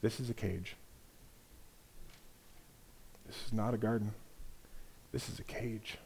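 A man voicing a sly male serpent tempter, talking low and hushed in a coaxing, conspiratorial way. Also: normal speed, slight background noise, lightly acted.

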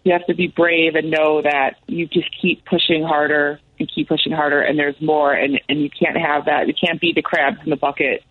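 A woman's voice: low-pitched, level tone, moderate pace, few pauses, breathy edge, phone-quality sound. A woman guest on a talk show, speaking emphatically and repeating lines for rhythm. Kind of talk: impassioned talk show discussion.

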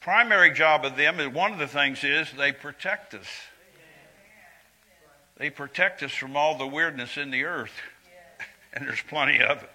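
Old guy in his 70s preaching, talks plain and earnest, goes soft then loud, kinda high, very bright sharp voice. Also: measured pace, long pauses, low-quality recording. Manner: earnest and conversational, swinging from quiet confiding to loud emphatic lines. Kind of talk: sermon.

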